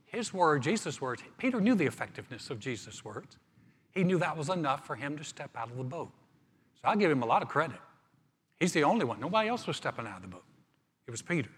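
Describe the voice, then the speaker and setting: A man preaching a sermon as pastor, reading scripture and then explaining it in a relaxed, conversational way with touches of humor. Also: on the high side, quick pace, long reverb tail, a little hiss or hum.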